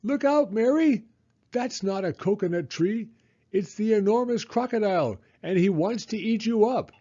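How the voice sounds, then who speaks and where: A man doing a brave hippo shouting a warning. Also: high-pitched, expressive, moderate pace, highs cut off, pitched above the performer's own voice. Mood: urgent. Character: big brave male hippopotamus, charging to the rescue.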